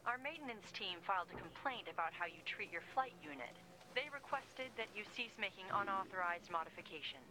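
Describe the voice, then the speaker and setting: A woman voicing a brisk female android operator who speaks in a curt, formal way over a radio filter. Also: medium pitch, animated, poor audio. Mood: clipped formal.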